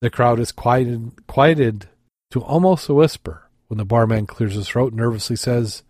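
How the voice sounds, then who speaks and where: A man's voice: mid-range voice, fairly even intonation, normal speed, a little mellow, dry recording, studio quality. A man hosting a show, telling a long joke in a rambling way, correcting himself and laughing at his own slips.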